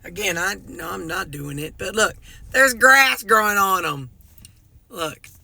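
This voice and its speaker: A woman's voice: mid-range voice, lively intonation, measured pace, vocal fry, pushed and bright. A middle-aged woman chatting casually to her viewers in a rambling, folksy way, sprinkling in mild jokes. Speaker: vlogger.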